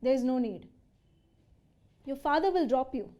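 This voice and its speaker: A woman's voice: sits high, lively intonation, moderate pace, warm tone. An actress playing a strict, anxious mother in her forties who presses her daughter about studying. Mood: stern. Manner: stern, pressing.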